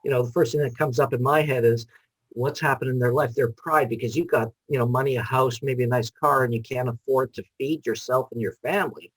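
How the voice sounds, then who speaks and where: A man's voice: mid-range voice, fairly quick, no room sound, rough recording. A man hosting a casual interview, speaking easily with plenty of fillers. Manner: relaxed, many "you know" fillers. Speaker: host.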